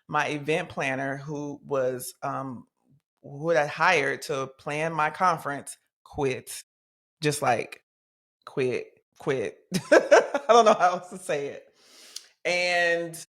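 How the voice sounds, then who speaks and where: Chatty woman in her forties. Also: low-pitched. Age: 40s. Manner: chatty and animated, with casual slang. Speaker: podcast host. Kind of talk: casual podcast monologue.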